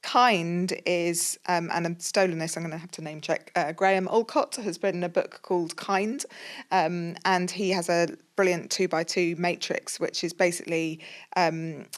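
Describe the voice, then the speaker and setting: A woman's voice: lowish voice, fairly even intonation, normal speed. A woman with an English accent, a podcast guest, explaining leadership models thoughtfully with frequent ums and restarts. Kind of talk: casual podcast conversation.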